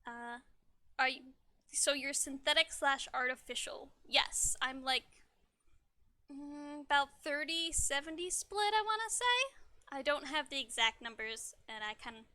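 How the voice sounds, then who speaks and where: A woman's voice: sits high, animated, a little slow, pushed and bright. A young woman streamer chatting casually, bubbly and giggly, often stumbling over her words. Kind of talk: casual livestream chat.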